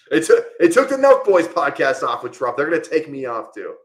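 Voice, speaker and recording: A man's voice: fairly high pitch, echoey room. A man casually talking through a fantasy football draft on a live stream, rambling with lots of fillers.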